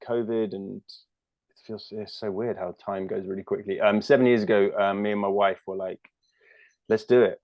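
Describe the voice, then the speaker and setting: A man's voice: lowish voice, no room sound, muffled recording. A British man in his thirties, a comedian chatting as an interview guest, rambling and self-deprecating with lots of fillers and restarts. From United Kingdom. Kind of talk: casual interview chat.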